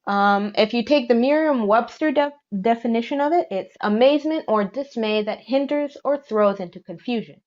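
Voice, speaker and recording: A woman's voice: on the high side, moderate pace, few pauses, a little mellow, muffled recording. A young woman hosting a casual solo podcast, rambling and self-deprecating, laughing often. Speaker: podcast host.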